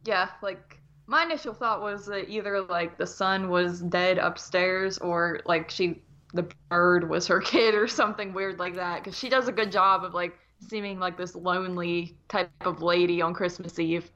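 A woman's voice: lowish voice, fairly even intonation, moderate pace, a bit bright. A woman co-hosting a casual film review chat, giving brief, agreeable replies. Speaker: podcast co-host. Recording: dull, muffled recording.

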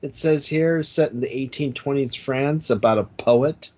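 A man's voice: medium pitch, a little slow, a little mellow, muffled recording. A man hosting a casual comedic chat about a film, trading jokes and asides. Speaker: podcast host.

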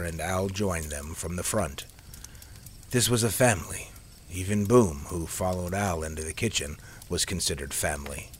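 A man narrating an audiobook story with a steady, measured reading. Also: sits low, a little hiss or hum.

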